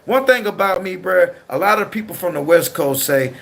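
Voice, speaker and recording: A man with a California accent and Southern slang hosts a casual livestream, rambling loosely to his chat in a high, expressive, creaky and somewhat bright voice at a moderate pace.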